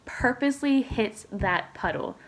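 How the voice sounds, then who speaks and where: A young adult woman telling personal stories in a casual vlog, animated and rambling, full of "like" fillers and sudden jumps in pitch. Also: a little slow. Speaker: K-pop fan vlogger.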